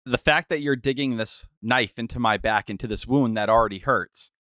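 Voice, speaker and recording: A man's voice: medium pitch, moderate pace, sharp tone, no echo, clean studio sound. A man co-hosting a sports podcast who defends himself in mock offense as his co-hosts tease him. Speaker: podcast co-host. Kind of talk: casual sports podcast banter.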